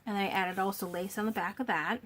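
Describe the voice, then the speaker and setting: A woman gushes softly over a handmade journal in a home craft space, filmed by a camera on a stand. Her voice is a little worn, and her talk is full of fillers and restarts. A faint hum of room noise sits behind her. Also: medium pitch, fairly even intonation, fairly quick. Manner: gushing, admiring, with fillers and restarts. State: slightly losing her voice. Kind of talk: casual show-and-tell walkthrough.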